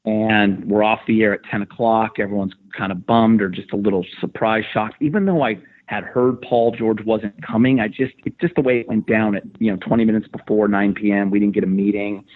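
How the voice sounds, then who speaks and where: A man with a husky voice tells an excited story on a podcast, his pitch jumping high as the tale builds. He sounds tinny and narrow, as if he is on a phone line. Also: a little fast, hardly any pauses. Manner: excited, animated retelling with rising pitch. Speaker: sports radio host.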